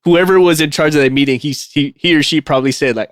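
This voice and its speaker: A man co-hosting a podcast, telling stories in casual chat, animated, laughing often and swearing freely. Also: on the high side, fast, no room sound, clean studio sound. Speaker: podcast co-host.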